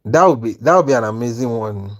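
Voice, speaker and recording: A man commentating his trades on a live stream, talking with viewers as he goes. He is animated and repeats himself, restarting phrases and asking whether they understand. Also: medium pitch, fast talker. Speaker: trading mentor and live-stream host.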